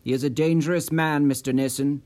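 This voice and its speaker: A man's voice: fairly high pitch, moderate pace, natural voice. A man voicing a stern, suspicious male agency chief who speaks in curt, commanding phrases.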